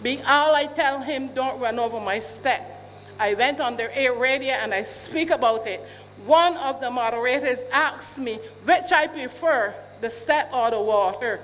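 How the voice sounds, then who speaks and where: A woman in her sixties with a Barbadian accent, speaking up indignantly as a resident at a town hall meeting, often asking questions aloud. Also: sits high. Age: 60s. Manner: indignant, repeats questions, rising to shouts. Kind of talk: public complaint at a meeting. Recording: hall reverb, faint hum.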